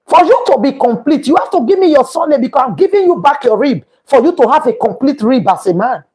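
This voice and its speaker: A woman with a Nigerian accent hosts a preachy live stream, speaking emphatically, quoting scripture, and repeating her points. Her voice is high, expressive, and fast, with a darkish, slightly rough tone.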